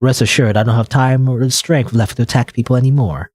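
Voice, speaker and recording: A man reading the lines of a calm, otherworldly young woman in a visual novel, in his own voice with an even delivery. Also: mid-range voice, a little fast, no room sound, studio quality, close to an everyday voice.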